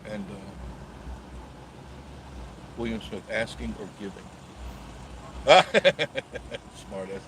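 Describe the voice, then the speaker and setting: A low-voiced man chats loosely on a live stream, cracking jokes and answering viewers as they comment. He talks into a phone on a gimbal from inside his car, with steady traffic noise clearly heard behind him. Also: very slow, pauses often. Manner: rambling, joking, reads out and answers viewer comments.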